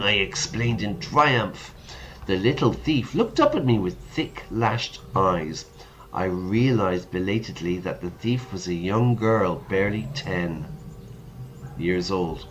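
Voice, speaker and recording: A man's voice: fairly low pitch, slow, slight background noise. A man, an English teacher reading a story game aloud, breaking off to explain words and crack jokes. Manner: chatty, jokey asides between read lines.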